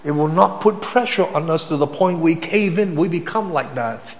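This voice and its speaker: Male pastor, sermon, fairly high voice, emphatic repetition, long hall echo. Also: animated, normal speed. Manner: emphatic preaching, rising to high-pitched intensity, with repetition.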